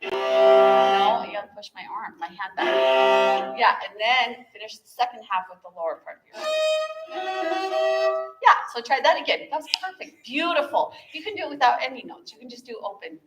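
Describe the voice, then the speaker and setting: A woman's voice: a little high, expressive, moderate pace, loud music behind the voice. A woman teaching a viola masterclass, talking through bowing technique with chatty, encouraging asides. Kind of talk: masterclass coaching. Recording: echoey room with instrument playing.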